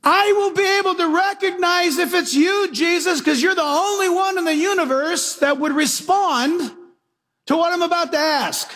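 A man's voice: extremely high pitch, normal speed, sharp tone, voice pushed up. Peter, a man doing a bold burly fisherman. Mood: eager, bold.

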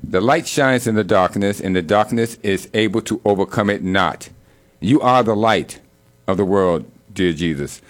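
Low-voiced man leading an earnest prayer. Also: moderate pace. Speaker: co-host. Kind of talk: spoken prayer, then casual chat.

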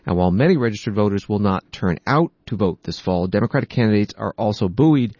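Low-voiced male news anchor, dry sound. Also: breathy edge, dry recording, muffled recording. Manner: measured, even newsreading. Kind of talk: scripted news narration.

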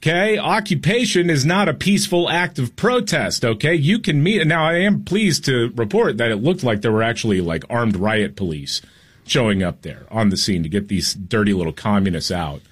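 A man's voice: medium pitch, expressive, slightly rough. A man co-hosting a talk radio show, giving heated, sarcastic political commentary. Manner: heated, sarcastic, quick to mock. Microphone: studio microphone.

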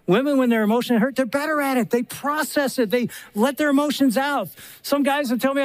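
Animated older man preaching, high voice. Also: fast talker. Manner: animated storytelling with acted-out quotes. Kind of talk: sermon. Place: live event stage.

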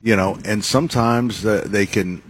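A man's voice: fairly low pitch, moderate pace, a little hiss or hum. A man chatting casually as a guest, rambling and trailing off mid-sentence. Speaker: guest, event organizer. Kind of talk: casual on-air chat.

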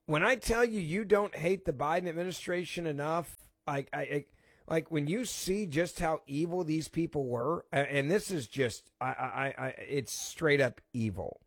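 A man's voice: on the high side, moderate pace, husky, no echo, clean studio sound. A man hosting a talk radio show, reading out a report and then ranting with emphatic, repeated phrases before taking calls. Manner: indignant, emphatic, repeats himself.

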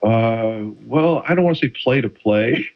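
A man's voice: mid-range voice, unhurried. A middle-aged man, a retired quarterback, chatting as an interview guest and telling stories with many restarts. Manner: animated storytelling with many restarts. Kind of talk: casual interview chat. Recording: dull lo-fi audio.

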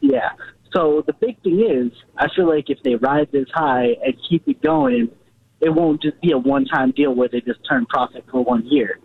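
A man's voice: a little high, animated, normal speed, vocal fry, breathy edge. A man calling into a radio show, earnest and repetitive, often restarting his sentences. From California. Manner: earnest, repeats himself, restarts. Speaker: caller. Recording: tinny phone line.

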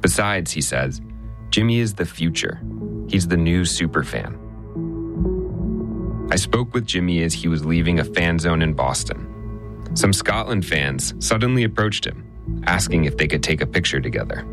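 A male radio reporter narrating a news feature in a measured, conversational tone. His voice sits very low. Faint music runs beneath. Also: animated.

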